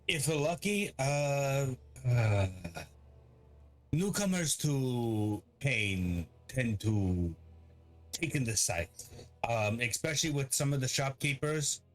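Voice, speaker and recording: A man's voice: mid-range voice, expressive, takes it slowly, soft background music. A man playing a tabletop game, speaking easygoing and in character. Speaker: player.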